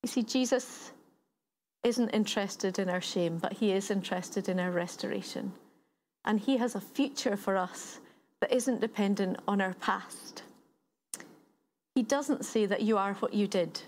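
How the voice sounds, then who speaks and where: Woman preacher telling a story like she's chatting, mid-pitched voice, bit of faint background hiss. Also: a little slow, a little mellow. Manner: conversational storytelling with rhetorical repetition. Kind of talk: sermon.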